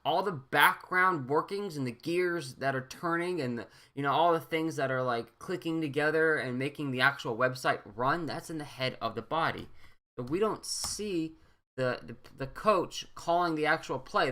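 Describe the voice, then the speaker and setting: A man's voice: a little high, pushed and bright. A young man walking students through a coding lesson in a casual, rambling way, often checking in with "right?". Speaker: teacher. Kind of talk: screen-recorded coding walkthrough.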